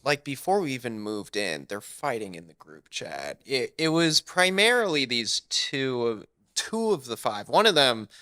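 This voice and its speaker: A young man, a comedian guest on a podcast, telling a story in an animated, casual way. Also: medium pitch, unhurried, few pauses, dry recording. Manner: animated, lively storyteller acting out quotes.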